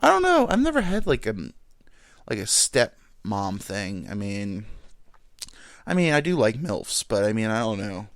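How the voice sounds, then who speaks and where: A man's voice: on the low side, huge pitch swings, unhurried, dry recording, clean studio sound. A man hosting a casual solo podcast from home, rambling and crude, with lots of filler words. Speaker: podcast host.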